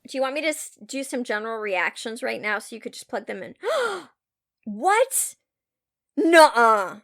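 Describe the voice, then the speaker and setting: A woman co-hosting a podcast, reacting with quick, giggly banter. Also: fairly high pitch, fairly bright tone, no echo, clean studio sound. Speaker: podcast co-host. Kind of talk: casual chat.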